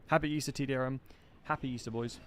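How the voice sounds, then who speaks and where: A man's voice: medium pitch, fairly even intonation, fast talker, fairly bright tone, slight background noise. A man with a non-southern English accent chats casually on a live game stream, greeting viewers by name between bursts of commentary. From England. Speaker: gaming livestreamer.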